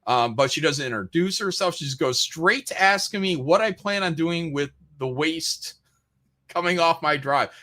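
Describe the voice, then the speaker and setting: A man's voice: on the high side, animated, moderate pace, sharp tone. A man ranting profanely and mockingly in a casual podcast chat, often mimicking other people. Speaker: podcast host.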